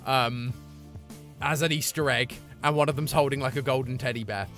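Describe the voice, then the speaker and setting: A man chatting casually with his live-stream chat, playful and full of quick asides. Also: mid-range voice, steady tone, a bit bright, faint music behind.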